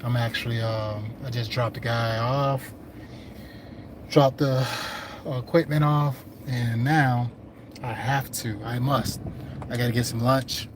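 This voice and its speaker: A man who runs a landscaping business, chatting casually on a livestream from his truck, rambling and slangy, his voice going hoarse. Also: mid-range voice, steady tone, slow pace. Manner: rambling, laid-back, slangy talk. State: hungry and losing his voice. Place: inside his truck while driving. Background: faint vehicle road noise.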